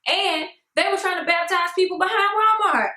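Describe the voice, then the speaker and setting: A young woman telling a story on her vlog in a sassy, animated way, often calling her viewers "girl". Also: very high voice, moderate pace, roomy sound, rough recording. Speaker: vlogger.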